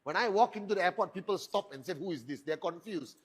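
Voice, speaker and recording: A man's voice: high voice, quick pace, husky. A middle-aged man giving a motivational stage talk, firing rhetorical questions and boasting. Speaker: motivational speaker at a network marketing event.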